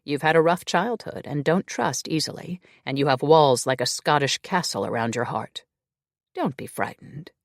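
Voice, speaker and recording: A possessive immortal shifter male who talks in a low, cold and controlled way, as the narrator voices him. His hissing delivery sits close to the mic in a dry audiobook sound. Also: animated, moderate pace, gravelly, no room sound.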